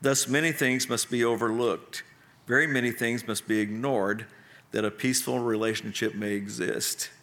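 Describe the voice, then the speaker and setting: Bright-voiced male pastor preaching. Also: medium pitch, fairly even intonation, moderate pace. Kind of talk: sermon.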